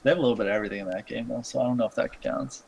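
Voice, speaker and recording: A young man co-hosting a gaming podcast, talking in a laid-back, thoughtful, halting way. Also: mid-range voice, fairly even intonation, vocal fry, darkish tone, slight background noise, low-quality recording. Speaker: podcast co-host. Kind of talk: casual gaming chat.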